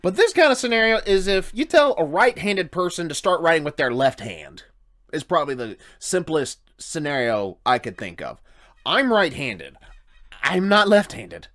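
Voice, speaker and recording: A man hosts a reaction video with rambling, casual late-night commentary, chuckling as he goes and sounding tired. His voice is on the high side and a bit bright, with big pitch swings at a moderate pace.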